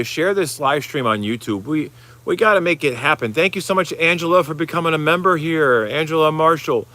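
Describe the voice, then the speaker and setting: A man's voice: a little high, expressive, a little fast, bright, forceful tone, no room sound. A middle-aged man hosting a casual live stream, rambling, swearing freely and reading out viewer comments. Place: Florida, outdoors.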